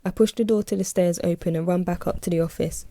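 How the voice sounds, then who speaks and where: A woman reading her own novel aloud in a calm, steady first-person audiobook narration. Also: fairly low pitch, fast, no echo.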